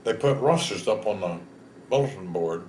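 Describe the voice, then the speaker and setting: Older man, 70s, plain-spoken storyteller, lowish voice, roomy recording. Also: lively intonation, normal speed, a little mellow, a little hiss or hum. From Texas. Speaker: veteran interviewee. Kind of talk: oral history interview.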